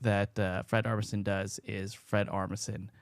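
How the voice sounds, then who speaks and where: A man from the USA hosting a casual podcast chat, upbeat and jokey, often trailing off quietly at the ends of his sentences. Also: on the low side, flat delivery, moderate pace, no room sound. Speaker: podcast host. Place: home studio, Long Beach, California. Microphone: podcast mic.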